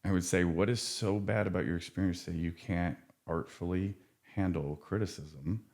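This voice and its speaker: Man, addiction counselor; deep voice, frank and earnest, lots of restarts. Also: normal speed, darkish tone. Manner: earnest, frank, with many restarts and casual swearing. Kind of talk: casual podcast conversation.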